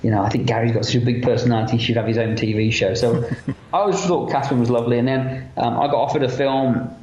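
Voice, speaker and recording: A man's voice: mid-range voice, quick pace, muffled recording, slight background noise. Chatty man telling stories in a roomy echo. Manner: animated anecdotes with many fillers and quoted voices. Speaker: interview guest, effects makeup artist. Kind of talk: casual storytelling interview.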